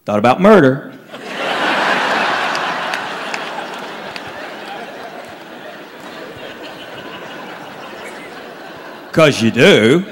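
A stand-up comedian works a comedy club crowd, telling punchline-driven stories and mimicking his relatives. His medium-pitched voice swings widely in pitch, and he speaks extremely slowly with frequent pauses. The live recording, made in a reverberant room, is very noisy with a loud crowd.

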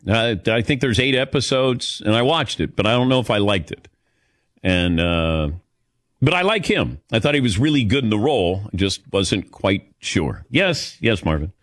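A man's voice: medium pitch, no echo, studio quality. A man hosting a casual chat show, telling stories animatedly and calling on his co-hosts. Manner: animated storyteller, calls on co-hosts. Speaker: host.

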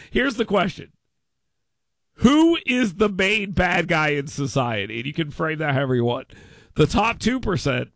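A man hosting a radio talk show, excitable and mock-dramatic, stumbling over repeated words in comedic chat. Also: fairly high pitch, creaky, dry recording, studio quality.

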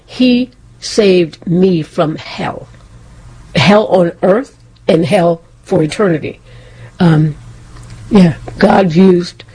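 A woman with a very husky, breathy voice tells a personal story on a faith talk show. Her tone is mellow and soft. She brings it to life by acting out the quotes. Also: deep voice. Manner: animated, acts out quotes, laughs often. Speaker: co-host.

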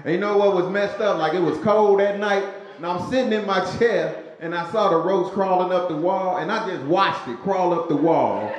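Male club comic with a slightly high voice and a laid-back, punchy delivery; live stage mic in a very echoey room. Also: moderate pace, few pauses, dull audio. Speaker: stand-up comedian. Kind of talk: stand-up comedy set. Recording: very echoey live venue with crowd noise.

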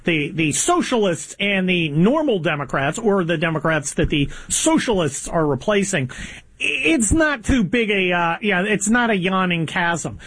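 A man's voice: sits high, sing-song, unhurried, fairly bright tone, husky, no echo. A man in his fifties hosting a political talk conversation, opinionated and sarcastic, stumbling through many fillers. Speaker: host.

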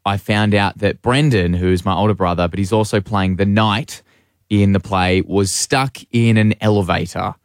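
A man's voice: lowish voice, steady tone, moderate pace, dry recording, studio quality. A young man, telling a story as a guest in a casual radio chat. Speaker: guest, play director.

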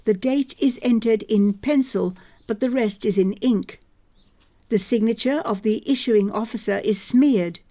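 A woman's voice: on the high side, unhurried, dark tone, close to an everyday voice. A woman voicing a young male army lieutenant who questions a prisoner in a formal, clipped, suspicious way. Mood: stern.

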